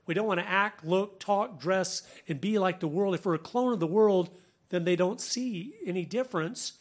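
A man hosting a Christian talk show, speaking earnestly, laughing often and quoting people in lively voices. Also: sits high, moderate pace. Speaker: Christian podcast host. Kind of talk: religious commentary, conversational.

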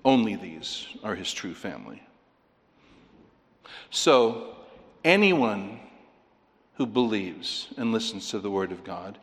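A man preaching a sermon, emphatic and animated, leaping up in pitch to stress his points. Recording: long hall reverb.

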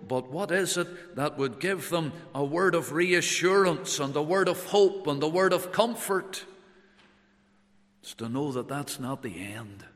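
A man preaching a sermon, moving between loud emphatic declarations and hushed tender passages, often repeating phrases for emphasis. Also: fairly high pitch, expressive, unhurried. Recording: long hall reverb.

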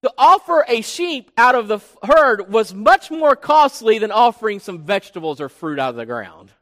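Man, pastor, expository sermon, emphatic, teacherly, high voice, long hall reverb. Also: very animated, moderate pace, pushed and bright. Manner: emphatic, teacherly, asks the congregation questions.

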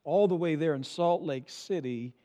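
An older man preaching a sermon as pastor, swinging from soft low asides to loud emphatic peaks. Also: moderate pace, long reverb tail. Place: church sanctuary.

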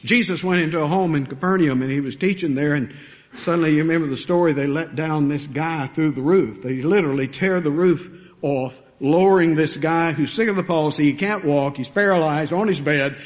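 A man preaching a sermon, animated and rising to emphatic peaks as he builds his points. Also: on the high side, fairly quick, dull audio. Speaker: pastor.

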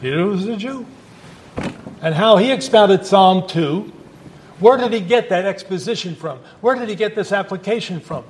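A man's voice: high voice, animated, normal speed, a little hiss or hum. A male pastor preaching a sermon at a church service in a conversational, emphatic way, with asides to the congregation.

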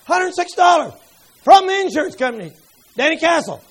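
A man preaching a revival sermon in a strikingly high voice. He tells his stories in a folksy, plainspoken way and rises into fervent shouting as he drives each point home. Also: big pitch swings, brisk. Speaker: pastor. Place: church sanctuary.

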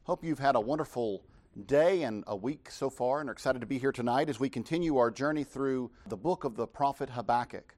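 A man preaching a midweek sermon, speaking calmly in places and rising to impassioned pleading when he voices the prophet. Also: fairly quick. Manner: rises to impassioned pitch when voicing the prophet's cries. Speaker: pastor.

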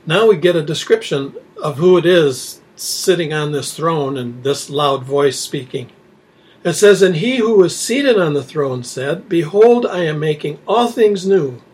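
Man, preacher, high-pitched voice, expository sermon, scripture reading. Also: lively intonation, a little slow. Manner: expository, reads scripture aloud and explains it; rhetorical questions, dropping to quiet emphasis.

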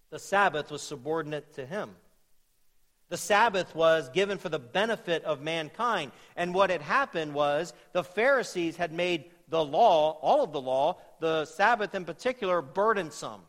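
High-voiced preacher in a reverberant hall. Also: male voice. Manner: emphatic, rising to loud peaks on key points. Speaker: pastor. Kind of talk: expository sermon.

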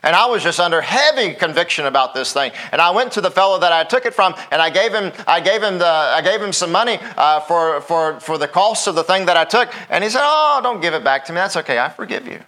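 Bright high-voiced preacher man. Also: lively intonation, fairly quick, hardly any pauses. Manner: folksy, asks the congregation "Amen?". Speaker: pastor. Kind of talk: sermon.

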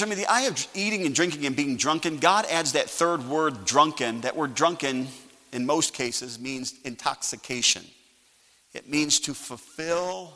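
A male pastor preaching a sermon, calling for amens and swinging from quiet asides to loud emphasis. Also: a little high. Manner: preaching with call-and-response. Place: church sanctuary. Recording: live church sanctuary with long reverb.

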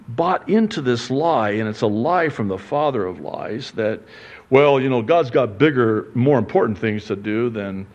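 Animated slow-talking male pastor. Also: lo-fi sound. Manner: animated, swings between loud exclamations and soft low asides; acts out quoted dialogue with God in a raised voice. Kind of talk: sermon.

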